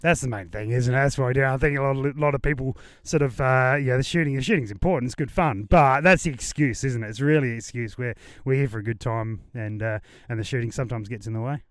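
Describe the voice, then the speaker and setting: Joking man with a smooth voice. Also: mid-range voice, quick pace, few pauses, dry recording, clean studio sound. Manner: jokey, matey banter. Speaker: podcast host interviewing competitors. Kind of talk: casual on-site interviews. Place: outdoor shooting range.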